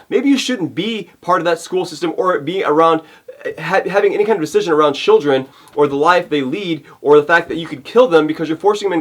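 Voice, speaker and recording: Exasperated man ranting, lively pitch. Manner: fired up, exasperated, repeats words. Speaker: vlogger. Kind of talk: heated rant to camera.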